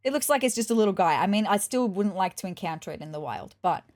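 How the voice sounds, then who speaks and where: A woman's voice: medium pitch, animated, fast talker, a little mellow. A woman casually commenting as she plays a life-sim game, chatty and a bit squeamish, thinking aloud as she explores. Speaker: gaming YouTuber. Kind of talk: casual let's play commentary.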